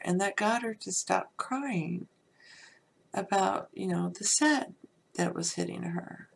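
Slow, gravelly-voiced woman host. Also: medium pitch. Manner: rambling, conversational, frequent "you know" fillers. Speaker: podcast host. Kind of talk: casual spiritual teaching talk.

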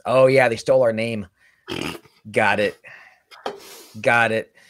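A man's voice: mid-range voice, steady tone, slow pace, fairly bright tone. A man co-hosting a casual talk show, bantering sarcastically. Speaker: co-host. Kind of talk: casual chat.

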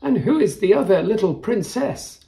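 A man's voice: high voice, lively intonation, normal speed, creaky, mellow, pitched above the performer's own voice. A man voicing a good-humoured king and father in a children's story. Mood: jolly. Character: tall jolly king, a girl's father.

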